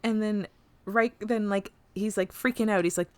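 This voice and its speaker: A woman's voice: mid-range voice, steady tone, normal speed, no room sound. A woman co-hosting a podcast, recapping an episode in casual chat, swearing freely and acting out quoted lines. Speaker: podcast co-host.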